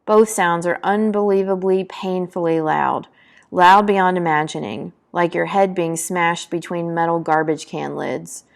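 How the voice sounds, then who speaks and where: A woman's voice: fairly low pitch, steady tone, a little slow, gravelly. A woman presenting a book talk, reading a novel excerpt aloud with dramatic delivery and spoken battle sound effects.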